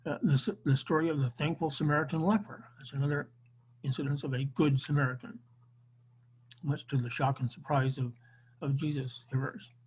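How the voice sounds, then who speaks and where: Male Bible teacher on a video call, fairly high voice, unscripted lecture. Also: level tone, fairly quick, a little mellow, breathy edge, rough recording. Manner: unscripted, with frequent restarts and fillers. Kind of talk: online Bible class lecture.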